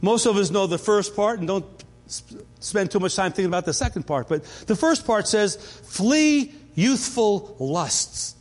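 A man's voice: sits high, fairly quick, big-room sound. A man preaching a sermon as pastor, talking in a conversational way and often restarting his sentences. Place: church.

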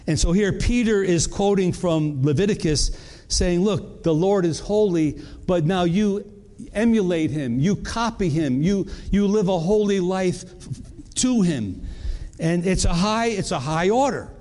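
A man's voice: sits high, animated, unhurried, dark tone. A man preaching a sermon as pastor, earnest, asking the congregation rhetorical questions and often restarting his phrases.

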